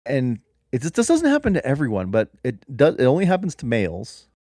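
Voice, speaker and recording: A man co-hosting a comedy podcast, rambling through an absurd improvised story in a deadpan way. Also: mid-range voice, fairly quick, dry recording, clean studio sound. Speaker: podcast co-host.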